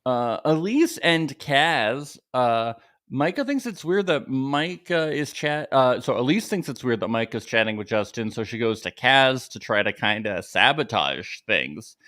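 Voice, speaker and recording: An American man with a very lively, up-and-down voice, co-hosting a casual podcast recap. He talks in a jokey, sarcastic way, and the sound is close and dry, with no room echo. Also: a little slow. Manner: jokey, sarcastic, mimics cast members in falsetto. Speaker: podcast co-host.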